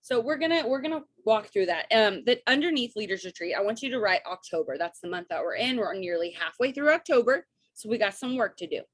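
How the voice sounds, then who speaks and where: A woman, coaching her sales team on a video call in an energetic, chatty way and often checking in with "right?" and "okay?". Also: on the high side, fast talker, few pauses. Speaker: network marketing coach.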